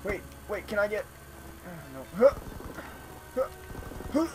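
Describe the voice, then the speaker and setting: A man hosting a gameplay video, chatting casually with friends and yelling in frustration at the game. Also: high-pitched, big pitch swings, measured pace, music in the background, poor audio. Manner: loud, exasperated, swears and yells at the game. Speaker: gaming channel host. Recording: game noise behind voice.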